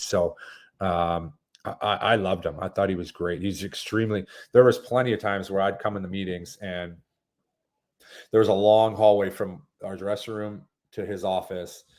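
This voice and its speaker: Lively former hockey player man. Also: low-pitched. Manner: animated storytelling with frequent restarts and laughter. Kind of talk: casual interview chat.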